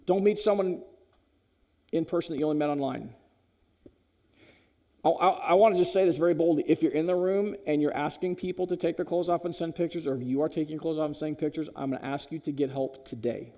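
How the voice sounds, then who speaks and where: A high-voiced man speaking at a school chapel service. He is animated, dropping to hushed tones for heavy points and rising to loud, punchy bursts. He speaks directly to his listeners. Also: fairly quick. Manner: animated, swinging from loud punchy lines to low hushed ones; addresses listeners directly as "you guys".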